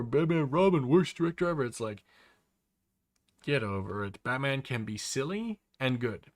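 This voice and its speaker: Australian man, young, casual streamer, rambling opinionated chat, mid pitch, dry close sound. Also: no room sound. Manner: rambling, opinionated, many fillers.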